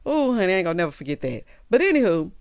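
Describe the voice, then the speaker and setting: A woman's clean, low-leaning voice rattles along rapid-fire with a sing-song lilt as she recaps a TV episode. This vlogger is dramatic and full of sass, acting out lines and calling viewers baby, child and honey.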